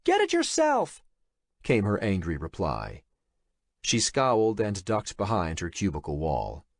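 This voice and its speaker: A male narrator reads a thriller audiobook with a dramatic, expressive delivery. His voice sits fairly low, but his intonation swings widely from phrase to phrase, and the recording is close and completely dry. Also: a little slow, gravelly, no room sound. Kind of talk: scripted narration.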